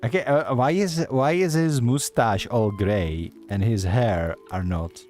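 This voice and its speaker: A man's voice: medium pitch, a little slow, darkish tone, faint music behind. A man streaming a video game, giving casual commentary in a mocking tone, laughing often and swearing. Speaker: vtuber streamer.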